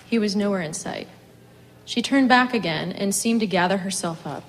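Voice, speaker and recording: A woman reading a story aloud in a measured, expressive way. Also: medium pitch, slight background noise, low-quality recording. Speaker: reader.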